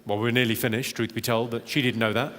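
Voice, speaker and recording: A man doing stand-up comedy with a deadpan delivery and working the crowd in a large theatre. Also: medium pitch, fast talker, very noisy. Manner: deadpan, crowd work with the audience. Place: large theatre with a laughing audience. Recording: live theatre recording with long reverb and loud crowd laughter.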